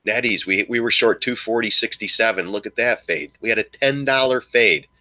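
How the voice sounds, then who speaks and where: A man giving excitable live stock market commentary to his viewers, joking and swearing as he goes. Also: fairly low pitch, normal speed. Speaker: stock trading streamer.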